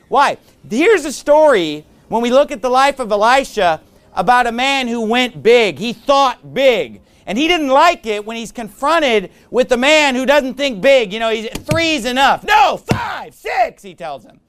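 Guy preaching, high pitched, smooth clear voice, reads verses slow then talks it through casual. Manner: reads scripture slowly, then explains in plain chatty talk; rises to loud emphatic bursts. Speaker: pastor. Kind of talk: sermon.

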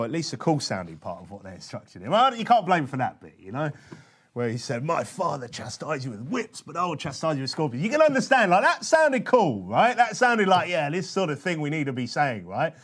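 A male preacher giving a sermon in a conversational way, often checking in with questions like "okay?" and slowing down to stress scripture. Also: on the high side, huge pitch swings. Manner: conversational, with frequent tag questions; slows and stresses quoted scripture.

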